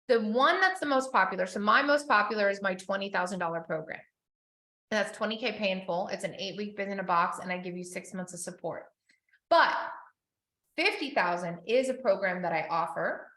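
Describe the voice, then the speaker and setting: A woman coaching business owners in a live session, chatty and animated, acting out the people she quotes. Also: mid-range voice, fairly quick, roomy sound.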